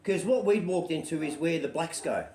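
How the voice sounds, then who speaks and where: A show host with a slightly high, darkish voice tells a rambling, swear-laden story at normal speed, casually anecdotal and constantly checking in with "right?" The sound is roomy and echoey.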